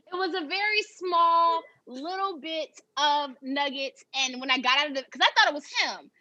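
A young adult woman hosting a podcast, telling a personal story in a candid, animated way with laughter. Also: sits high, normal speed, no room sound, highs cut off. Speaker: podcast host. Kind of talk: casual storytelling chat.

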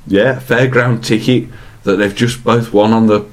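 A man's voice: lowish voice, steady tone, unhurried. A man co-hosting a comedy show, posing crude, absurd would-you-rather questions.

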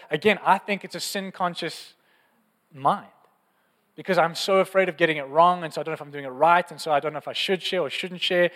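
A man's voice: sits high, a bit bright, big-room sound. A man preaching a sermon in an earnest, passionate, conversational way, often repeating phrases. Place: church.

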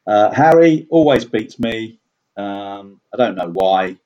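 Brief: chatty man, low voice, self-deprecating, muffled lo-fi podcast audio. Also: animated, takes it slowly, warm tone. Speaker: league player reviewing standings. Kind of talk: casual podcast chat. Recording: dull lo-fi audio.

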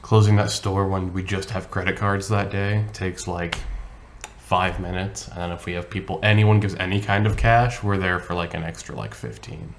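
Laid-back young man, low voice. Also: fairly even intonation, normal speed, vocal fry, a little hiss or hum. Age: young adult. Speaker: podcast co-host. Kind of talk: casual chat.

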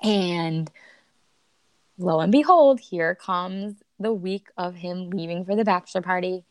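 A woman in her thirties tells a personal story as a podcast guest, animated and emotional, laughing now and then. Her voice sits a little low. The sound is dry and close. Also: unhurried, dry recording. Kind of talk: candid storytelling.

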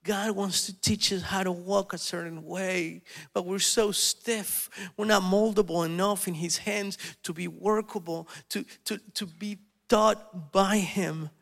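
A man preaching a sermon as pastor, animated and telling stories, often acting out the voices of people he quotes. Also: sits high, measured pace, vocal fry, hardly any pauses. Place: church hall. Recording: long reverb of a hall.

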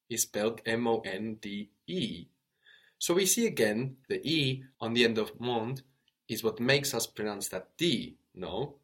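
A man teaching a spoken language lesson, explaining patiently, spelling out words and checking in with a questioning "no?". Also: fairly low pitch.

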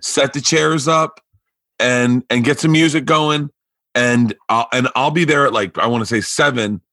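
Bright-voiced man telling stories. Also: mid-range voice, no echo. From Florida. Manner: animated anecdotes with profanity and quick asides. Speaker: podcast host and comedian. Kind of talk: casual storytelling chat.

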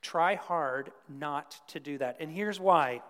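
Chatty high-voiced preacher in a big hall. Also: male voice, slow, a bit bright. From Canada. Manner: conversational, folksy, asks the crowd questions. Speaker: pastor. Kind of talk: sermon. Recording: long reverb of a large hall.

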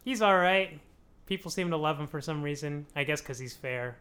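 A young man recapping a show on a comedy podcast in a loose, rambling way. He laughs often and drops into quick voices for the characters. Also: on the high side, sharp tone. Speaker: podcast host explaining a TV show.

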